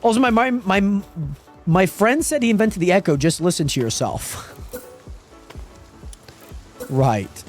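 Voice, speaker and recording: A man's voice: high voice, animated, slow, long pauses, soft background music. A man streaming a game live, chatting casually with viewers and reading their messages aloud, often repeating himself. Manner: chatty, reads chat aloud, trails off and repeats words. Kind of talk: casual live-stream chat while gaming.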